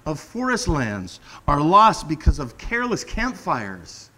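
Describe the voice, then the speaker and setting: A middle-aged man preaching a casual sermon, earnest and animated, slowing down to stress key words. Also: fairly high pitch, low-quality recording. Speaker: pastor.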